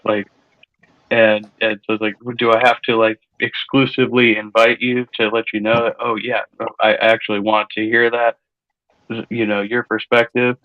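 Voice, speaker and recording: A man's voice: lowish voice, little pitch movement, moderate pace, no echo, phone-quality sound. Hesitant man musing aloud, dry mic. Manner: thoughtful, hesitant restarts. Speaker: streamer. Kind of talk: casual chat.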